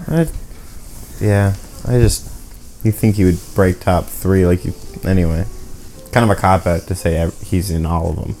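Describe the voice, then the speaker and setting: A man's voice: low voice, fairly even intonation, normal speed, pauses often, mellow. A man co-hosting a podcast, joking and teasing his friends in casual chat. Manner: teasing, playful banter. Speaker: podcast co-host.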